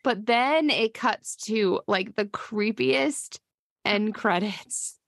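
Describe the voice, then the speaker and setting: A woman's voice: mid-range voice, slow, dry recording, clean studio sound. A woman co-hosting a casual podcast, chatting with lots of fillers and restarts and acting out quotes from a film. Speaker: podcast co-host. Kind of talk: casual chat recapping a film.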